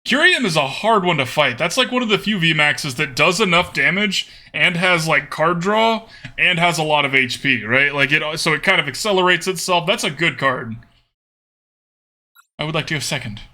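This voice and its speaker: A young man streaming a card game, his fairly high voice bright and edged, swinging widely in pitch. He talks casually through each move, thinking aloud with soft hums and doubled okays. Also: expressive, moderate pace. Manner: thinks aloud with murmured hmms and repeated okays. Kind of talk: casual live gameplay commentary.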